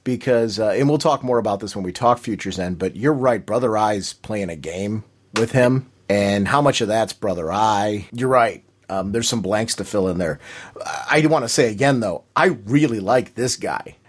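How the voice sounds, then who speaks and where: Guy cohosting a podcast, kinda raspy voice, really into it, keeps hammering his point. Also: fairly low pitch, normal speed. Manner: emphatic, enthusiastic, repeats points. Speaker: podcast co-host. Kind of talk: casual podcast chat.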